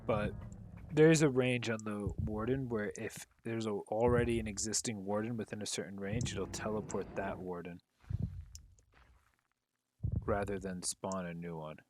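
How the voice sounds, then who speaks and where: A man's voice: lowish voice, steady tone, moderate pace, background noise. A man recapping a film in loose, rambling chat, full of fillers and the odd swear, while he plays a game. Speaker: gaming commentator. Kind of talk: casual commentary while playing.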